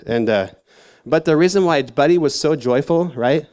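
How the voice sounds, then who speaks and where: A man's voice: fairly high pitch, normal speed, darkish tone. A man giving a casual, rambling sermon to a youth group, full of fillers and self-mocking asides. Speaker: youth church speaker.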